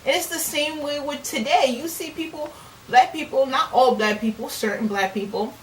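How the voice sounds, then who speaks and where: A woman's voice: high voice, moderate pace. Earnest woman, echoey distant mic. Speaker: author and vlogger. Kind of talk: casual on-camera commentary. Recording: echoey room, distant mic, faint noise.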